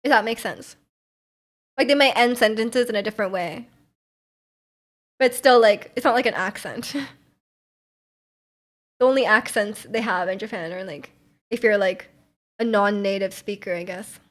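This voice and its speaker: A woman's voice: mid-range voice, normal speed, pauses often. A young woman streaming and chatting casually with her viewers, rambling and filling her talk with "like" and little laughs. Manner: rambling, heavy use of "like", frequent laughs.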